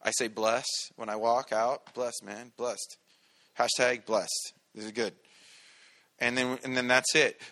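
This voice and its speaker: Bright-voiced male pastor, casual preaching. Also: sits high. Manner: conversational, playful, acts out little voices. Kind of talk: casual sermon. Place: church sanctuary.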